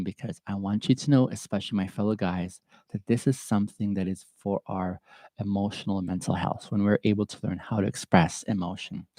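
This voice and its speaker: Earnest, emotional man with a low voice. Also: dark tone, no room sound. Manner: earnest, heartfelt and openly emotional. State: stuffy nose, sniffing. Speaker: podcast host. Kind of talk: reflective solo podcast monologue.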